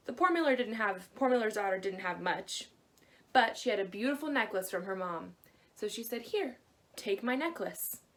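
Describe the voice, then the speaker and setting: A woman librarian telling a fairy tale to children in a gentle, expressive way. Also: mid-range voice, brisk. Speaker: librarian storyteller. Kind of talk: storytelling to children.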